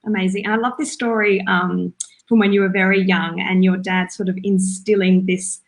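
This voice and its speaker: A woman hosts an interview, setting up each question with enthusiastic and encouraging prompts. Her voice sits at an ordinary middle pitch. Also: level tone, moderate pace, poor audio. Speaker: host, interviewer.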